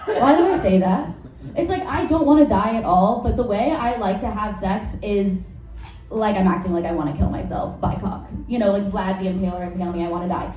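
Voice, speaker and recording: At normal speed and with a warm, medium-pitched voice, a female stand-up comic rambles through crude, frank work-in-progress material in front of a live audience. She uses lots of fillers, keeps interrupting herself, and laughs at her own jokes. The sound is roomy and distant, with a little noise.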